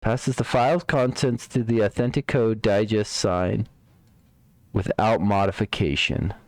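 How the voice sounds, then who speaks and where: Slow, muttering man debugging code aloud. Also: fairly low pitch, steady tone, dry recording, clean studio sound. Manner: muttering to himself, trailing off, repeating words. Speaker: live-streaming programmer.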